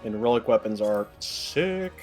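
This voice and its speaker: A man's voice: on the low side, expressive, unhurried, a little mellow, soft background music. Joking man in game chat. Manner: joking, recommending in short remarks. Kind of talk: casual gaming chat.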